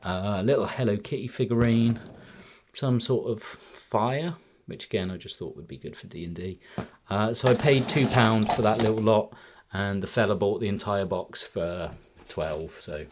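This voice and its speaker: Chatty man with a low voice. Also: normal speed, a little mellow, slight background noise. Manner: chatty, rambling, with frequent ums and uhs. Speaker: car boot haul vlogger. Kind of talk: casual show-and-tell vlog.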